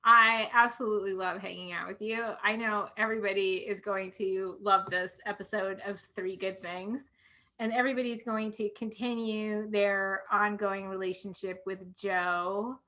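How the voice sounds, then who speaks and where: A woman's voice: medium pitch, little pitch movement, normal speed, pushed and bright. A woman hosting a casual chat show, laughing often and talking to her guest. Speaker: host.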